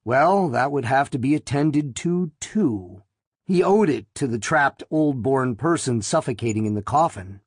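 A man narrating an audiobook in a measured, deliberate reading voice. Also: medium pitch, lively intonation, slightly rough, dry recording, studio quality.

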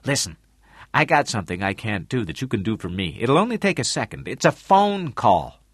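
A man voicing a scheming middle-aged man who gives hurried instructions. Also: medium pitch, very animated, breathy edge, no room sound, clean studio sound.

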